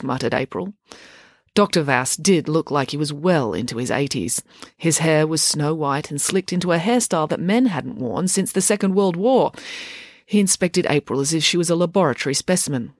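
A woman reading her own book aloud as a bedtime story, in an expressive, lively way. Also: low-pitched, normal speed, no echo, studio quality. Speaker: author and narrator.

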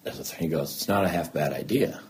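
Deep-voiced Midwestern man telling his story. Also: fast, a little hiss or hum. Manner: animated, acts out both sides of quoted dialogue. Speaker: interviewed guest, TV news anchor. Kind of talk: candid personal storytelling.

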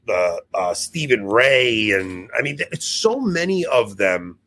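Casual podcast host, male, husky tone, lively rambling delivery. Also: fairly low pitch, unhurried. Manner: rambling, animated, laughs at himself. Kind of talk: casual chat.

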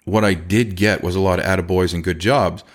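A man's voice: deep voice, steady tone, fairly quick. A middle-aged man hosting a podcast, talking candidly and earnestly about his business, with frequent restarts and repeated phrases. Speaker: podcast host, chimney business owner. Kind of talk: candid casual monologue.

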